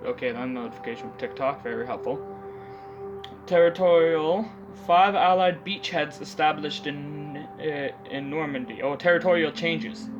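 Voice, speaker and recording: A man's voice: fairly high pitch, rough recording. Young man mumbling through history facts. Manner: stumbling, self-correcting, often mutters asides. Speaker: video creator. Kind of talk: casual unscripted commentary reading facts. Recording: music playing loud under the voice.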